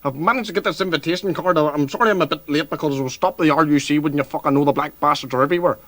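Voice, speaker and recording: A man's voice: a little high, very fast, a bit bright, lightly acted. A man putting on a brash, pushy male politician, arriving late to dinner. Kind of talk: comic sketch impression.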